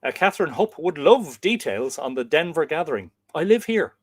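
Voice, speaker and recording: A man's voice: on the high side, very animated, moderate pace, husky, no room sound. An Irish man hosting a casual livestream, reading out viewer comments and chatting back to them. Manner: chatty, reads out comments and answers them warmly. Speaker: livestream host.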